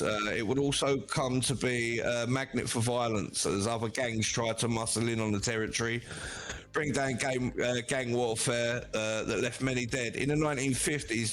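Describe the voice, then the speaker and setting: A man hosting a podcast, reading a horror story off his prompts with frequent "uh" pauses. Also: mid-range voice, fairly bright tone. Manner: halting, many "uh" fillers.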